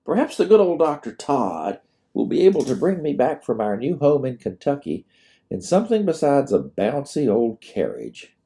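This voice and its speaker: A man's voice: medium pitch, wildly swooping pitch, moderate pace, dark tone, pitched above the performer's own voice. A man voicing Rosa, a sarcastic, playful young plantation daughter, in a storybook reading.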